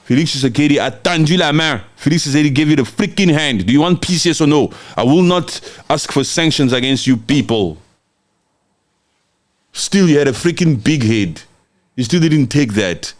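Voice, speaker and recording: Congolese guy ranting on a live stream, mocking and fired up, voice jumping all over the place. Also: fairly high pitch. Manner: fiery, mocking, repeats words for emphasis; reads and answers viewer comments. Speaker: live-stream political commentator. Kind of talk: impassioned ranting commentary.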